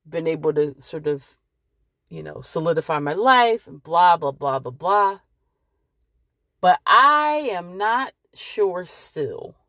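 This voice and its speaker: A woman in her late thirties with a drawl talks straight to camera in a slow, deliberate monologue. She leans hard on key words and lets her points land with wry emphasis. The sound is close and dry, with no room around it. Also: low-pitched, a bit bright, no echo. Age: late 30s. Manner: emphatic and wry, drawn-out stresses, pausing for effect.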